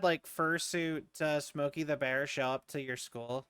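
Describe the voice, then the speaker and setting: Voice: medium pitch, fairly even intonation, a little slow, few pauses, fairly bright tone, smooth, dry recording, studio quality. A streamer chatting casually and rambling while playing a game at a home setup. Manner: rambling, joking aside-talk. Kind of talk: casual gameplay chat.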